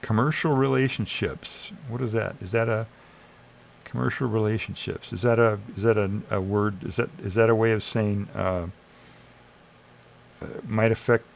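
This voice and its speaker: Gravelly-voiced man ranting on stream. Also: fairly low pitch, fairly even intonation, normal speed, a little hiss or hum, low-quality recording. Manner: sarcastic, argumentative, urging listeners to think. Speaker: live streamer. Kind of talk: casual commentary reading AI chat aloud.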